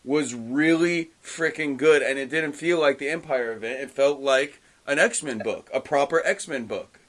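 A man in casual podcast chat, excitable and animated, tripping over his words and restarting sentences as he talks fast. His pitch sits in an ordinary middle range. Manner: enthusiastic, animated, stumbles and restarts often. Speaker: podcast co-host. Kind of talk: casual comic book discussion.

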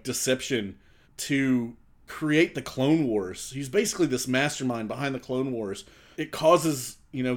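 A man co-hosting a casual podcast, explaining a story calmly and laughing easily. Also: mid-range voice. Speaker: podcast co-host.

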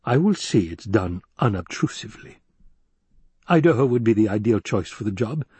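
A loyal old security chief who weighs every word, as a male reader voices him. His husky voice moves slowly and deliberately. The sound is dry and close to the mic. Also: on the low side, lively intonation, warm tone, no room sound. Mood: measured. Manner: measured, cautious, deliberate. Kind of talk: audiobook reading.

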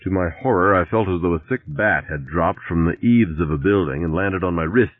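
A man's voice: deep voice, fairly quick, no echo. A man reading a novel aloud in a dry, wry first-person voice. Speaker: audiobook narrator. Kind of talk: audiobook reading. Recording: tinny dry lo-fi recording.

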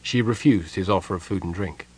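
Low, husky-voiced male audiobook narrator. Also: a little fast, darkish tone, no echo. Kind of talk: scripted narration.

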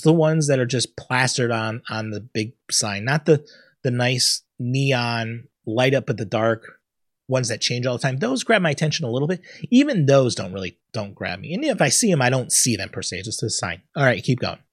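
Male solo host, husky and dry, blunt ranting delivery with lots of swearing. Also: mid-range voice, animated, normal speed, dry recording. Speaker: podcast host. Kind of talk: casual solo commentary.

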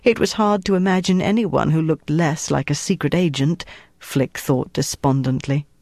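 A narrator reading a novel in a measured, even way. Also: mid-range voice, vocal fry, no echo. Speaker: audiobook narrator. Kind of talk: scripted narration.

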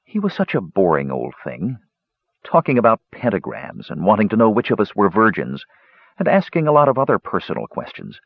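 A man's voice: lowish voice, huge pitch swings, brisk, gravelly, breathy edge, no room sound, full character voice. A man voicing a carefree young blonde woman who chatters in a lilting, dismissive way. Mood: flippant. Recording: dull lo-fi dry recording.

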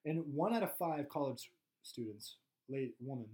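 A man's voice: mid-range voice, lively intonation, moderate pace, a little mellow. A young man co-hosting a podcast, chatting loosely and joking, with lots of fillers and restarts. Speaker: podcast co-host. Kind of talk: casual podcast banter.

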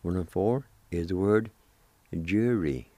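A man's voice: deep voice, takes it slowly, dark tone, dry recording. A man teaching a language lesson on the radio, spelling words out and patiently repeating each one several times.

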